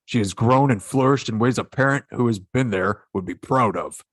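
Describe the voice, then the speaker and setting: A man's voice: medium pitch, moderate pace, dry recording, close to an everyday voice. Proud alien mother, read by a man. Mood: reproachful.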